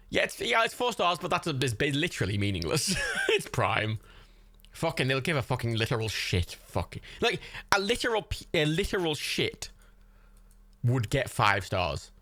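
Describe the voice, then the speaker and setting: Swearing, lively man from Ireland. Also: mid-range voice, dry recording. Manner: rambling, swears a lot, laughs often. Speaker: livestream host. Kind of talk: casual chat during a movie watch party.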